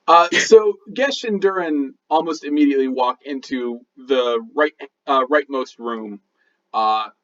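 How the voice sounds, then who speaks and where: Man narrating as game master, lo-fi. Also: mid-range voice. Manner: relaxed, with frequent fillers.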